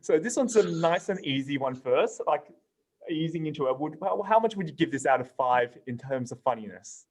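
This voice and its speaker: A man's voice: a little high, expressive, normal speed, poor audio. A young man hosting a podcast, upbeat and playful as he prompts his guests. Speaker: podcast host. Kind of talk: casual chat, hosting.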